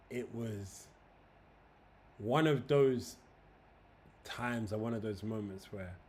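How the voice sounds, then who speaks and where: A man's voice: mid-range voice, darkish tone, slight background noise. A young man chatting casually on a livestream, slangy, swearing freely and emotional. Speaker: streamer.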